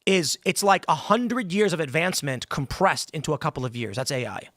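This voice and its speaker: A man hosting a talk show, arguing forcefully in a heated studio debate. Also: fairly high pitch, expressive, brisk, dry recording. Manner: forceful, argumentative, acts out voices in anecdotes. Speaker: host.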